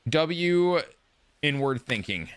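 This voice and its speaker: A man live-streaming a baseball video game, chatting casually and rambling excitedly to his viewers as he plays. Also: fairly high pitch, slow pace, smooth, no echo. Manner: rambling, excitable, talks to chat while playing.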